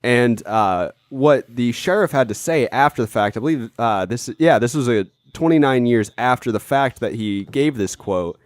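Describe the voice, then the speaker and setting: A man co-hosting a casual comedy podcast, rambling through the story and doubling back on himself. His voice is close and dry, with no room sound, and his pitch sits in the middle for a man. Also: animated, normal speed, hardly any pauses, no echo. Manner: rambling, self-interrupting storyteller. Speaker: podcast co-host.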